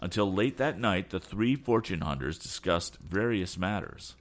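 Deep, expressive male storyteller. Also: a little slow. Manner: expressive reading with small slips. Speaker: podcast host and story reader. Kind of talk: storybook reading aloud.

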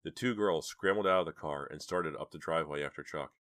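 Very deep-voiced male audiobook narrator. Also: a little fast, a bit bright, no echo, studio quality. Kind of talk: scripted horror narration.

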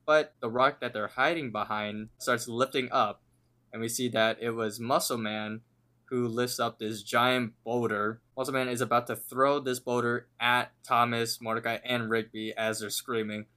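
A man's voice: mid-range voice, level tone, moderate pace, sharp tone. Man casually recapping a cartoon episode. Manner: retells scenes at length, reading lines out. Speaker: podcast co-host.

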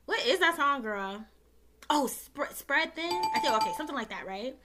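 A woman's voice: sits high, animated, normal speed, heavy background noise. A young woman hosting her own podcast, talking straight to her listeners in a casual, heartfelt way. She, uses many fillers and is close to tears. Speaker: podcast host.

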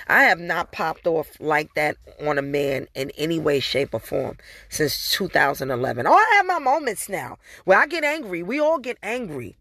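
A woman's voice: on the low side, fairly bright tone, no room sound, clean studio sound. A woman hosting her own podcast, telling a personal story in a candid, profane, casual way and addressing her listeners directly. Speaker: podcast host.

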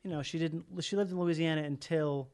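A man's voice: on the high side, steady tone, brisk, darkish tone. A man from Minnesota hosting a loose, rambling, casual remote podcast chat, swearing easily. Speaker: podcast host.

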